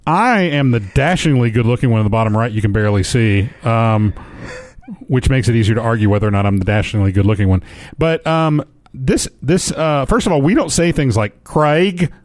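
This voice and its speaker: A man's voice: medium pitch, expressive, brisk, darkish tone, no echo. A man co-hosting a comedy podcast, teasing and mock-grumpy in casual chat, close to the mic. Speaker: podcast co-host.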